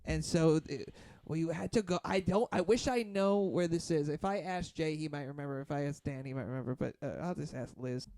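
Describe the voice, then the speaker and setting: Dude with a smooth, kinda high voice rambling a story on a podcast, lots of likes and f-words, super dry close mic. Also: male voice, brisk, few pauses, dark tone, no room sound. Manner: rambling, filler-heavy, swearing, acts out quotes. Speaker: podcast host. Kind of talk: casual storytelling chat.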